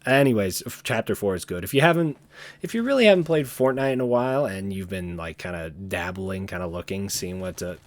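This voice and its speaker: A man hosting his own channel, talking alone in a rambling, casual way, often correcting himself and trailing off quietly. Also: low-pitched, lively intonation, a little fast, no echo. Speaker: channel host. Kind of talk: casual solo chat.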